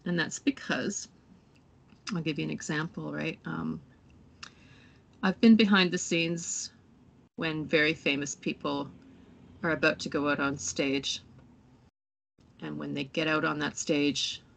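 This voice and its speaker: A woman in a casual spiritual discussion, rambling and acting out quotes in excited voices. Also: low-pitched, measured pace, creaky, pauses often. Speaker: co-host.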